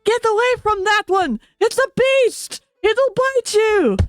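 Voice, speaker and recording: A woman voicing an alarmed male stable hand, shouting warnings in a shrill, raised voice. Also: lively intonation, slow pace, no room sound, clean studio sound, soft background music, full character voice.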